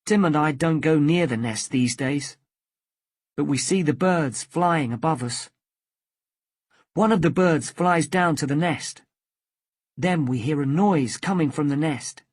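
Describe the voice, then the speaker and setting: A storyteller reading a simple story slowly and carefully for beginner English learners. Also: medium pitch, darkish tone, no echo. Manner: slow, careful, clearly spaced. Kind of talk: slow scripted story narration for learners.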